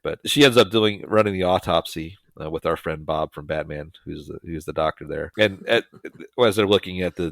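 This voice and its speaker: A man's voice: a bass voice, vocal fry, no echo. A middle-aged man co-hosting a podcast, casually recapping a film with lots of "uh" and restarts. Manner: rambling storyteller with many fillers and restarts. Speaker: podcast co-host. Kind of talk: casual movie recap chat.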